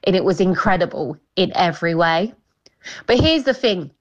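A woman's voice: fairly low pitch, lively intonation, normal speed, highs cut off. A woman co-presenting a radio show, talking in an earnest, emphatic way. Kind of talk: opinion talk on radio.

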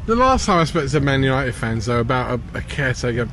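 A man's voice: medium pitch, big pitch swings, fast talker, over music. A man working as a sports reporter, interviewing a guest in conversation outdoors.

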